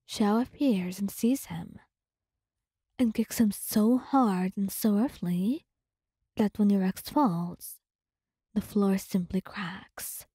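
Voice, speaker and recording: A woman narrating a story in whispered role-play, addressing the listener in a soft, hushed voice close to the mic. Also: medium pitch, breathy edge, no room sound.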